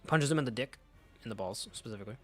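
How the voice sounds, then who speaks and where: Man, casual comic read-through, rambling, swears, laughs a lot, mid-pitched voice. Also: animated, fast talker, soft background music. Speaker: comic reader, channel host.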